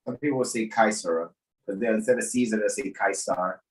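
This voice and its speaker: Man, lower voice, casual explainer, playful, informal. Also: brisk, rough recording. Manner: playful, hands the floor back with "I yield". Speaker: co-reader in a study session. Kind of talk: casual commentary.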